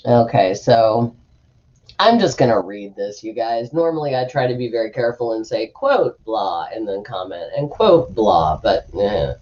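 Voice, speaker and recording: A woman's voice: a bass voice, expressive, moderate pace, warm tone, lo-fi sound. A woman hosting a stream from a room at home, rambling in casual chat with lots of fillers and asides while reading an article aloud. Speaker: streamer host.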